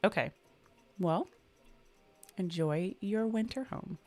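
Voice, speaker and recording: A woman hosting a relaxed livestream, chatting casually and answering viewer comments with lots of ums and uhs. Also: mid-range voice, faint music behind. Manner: relaxed, upbeat, drawn-out fillers. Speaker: livestream host.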